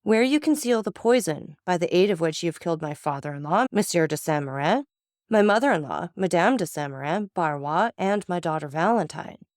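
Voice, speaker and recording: A woman's voice: lowish voice, animated, fairly quick, darkish tone, no room sound, clean studio sound, close to an everyday voice. A woman voicing a stern, cold-blooded male magistrate who speaks with contempt and accusation. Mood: accusing.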